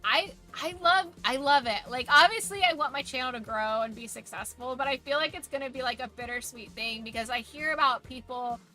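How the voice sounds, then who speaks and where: Woman streamer, mild Southern accent, slightly hoarse, rambling talk full of fillers, bright, higher voice. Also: brisk, hardly any pauses, soft background music. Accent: mild Southern American. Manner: rambling, many "like" fillers and restarts. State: voice going hoarse. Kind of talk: casual chat with live chat.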